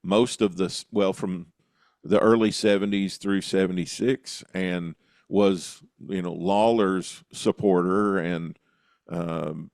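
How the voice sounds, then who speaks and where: Low-voiced dude podcasting, dry sound, chatty and easygoing. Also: male voice, fairly even intonation, slow, vocal fry, darkish tone, dry recording. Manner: conversational, raises questions and recaps history. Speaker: co-host of a wrestling history show. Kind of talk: casual podcast discussion.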